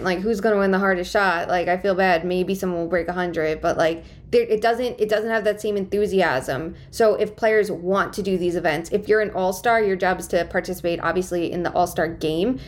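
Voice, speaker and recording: A woman co-hosting a casual podcast, giving opinions in an animated way and swearing freely. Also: fairly low pitch. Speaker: podcast co-host.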